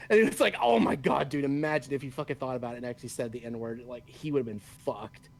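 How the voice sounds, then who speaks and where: Man, podcast co-host, casual chat, profane ranting, mid pitch. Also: quick pace, few pauses, darkish tone. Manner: profane, ranting, laughs often.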